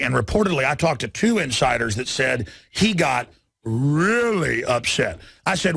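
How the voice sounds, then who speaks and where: A man hosting a talk radio show, ranting combatively and mockingly, his voice climbing into shouts. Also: a little high, animated, normal speed, dry recording. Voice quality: gravelly, husky. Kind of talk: ranting monologue.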